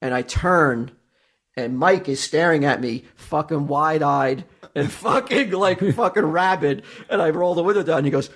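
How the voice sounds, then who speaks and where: A man's voice: fairly high pitch, moderate pace. A man on a casual podcast telling a story, swearing a lot and laughing as he goes. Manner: profane, animated storyteller, laughing often. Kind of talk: casual chat.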